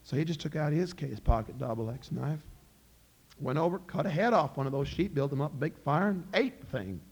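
A man's voice: a little high, expressive, brisk, breathy edge. A man telling a folk tale in a folksy way, with chuckling asides to his listeners. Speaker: storyteller.

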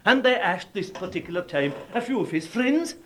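A man with an Irish accent telling a traditional folk tale in a lively, dramatic way. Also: sits high, moderate pace, a little hiss or hum. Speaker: storyteller.

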